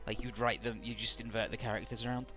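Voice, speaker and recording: A man's voice: on the low side, little pitch movement, quick pace, a bit bright, faint music behind. A man casually narrating and recapping a video game story, rambling and swearing now and then. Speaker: let's play host.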